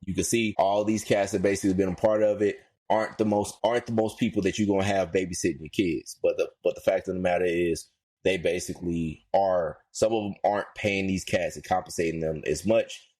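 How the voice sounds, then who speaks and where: A man co-hosting a podcast, ranting in slangy casual talk, his voice climbing high when worked up. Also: fairly even intonation, brisk, darkish tone. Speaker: podcast co-host.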